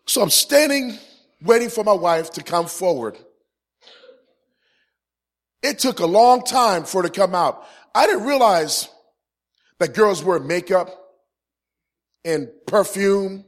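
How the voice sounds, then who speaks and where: A man in his forties in ministry, telling a humorous personal testimony to a live audience. He swings from loud, punchy comic lines to quiet, earnest points. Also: high voice, expressive, slow, pauses often. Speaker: Christian ministry speaker.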